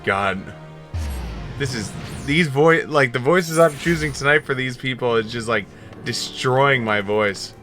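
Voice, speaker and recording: Excitable, bright-voiced male streamer. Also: medium pitch, a little slow, soft background music. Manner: excitable, giggly, joking asides. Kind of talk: live gameplay streaming.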